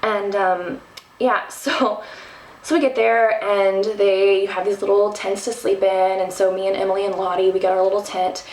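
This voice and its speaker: A young woman from Texas telling a travel story to the camera, animated and self-mocking, with lots of ums and restarts. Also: mid-range voice, normal speed. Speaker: vlogger. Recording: roomy, from a distance.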